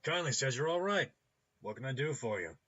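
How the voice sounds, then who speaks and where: A man voicing a hungover, cheerful male cyber-doctor with a loose Midwestern accent, shouting and joking. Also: mid-range voice, lively intonation, fairly quick, slightly rough, dull audio, pitched above the performer's own voice. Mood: boisterous. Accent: loose Midwestern American. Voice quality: shouty, boisterous, jokey.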